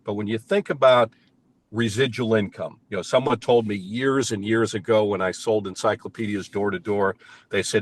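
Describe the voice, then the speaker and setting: A man's voice: fairly low pitch, steady tone, normal speed. An older man speaking from inside his car, giving emphatic, enthusiastic motivational answers about his sales work in an interview. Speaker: payments sales team leader.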